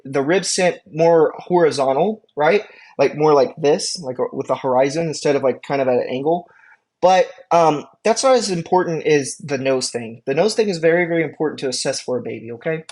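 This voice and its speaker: Speaking in an ordinary middle pitch, this EMT instructor lectures the class casually and chattily. The talk wanders into side remarks, keeps checking in with listeners, and is full of restarts.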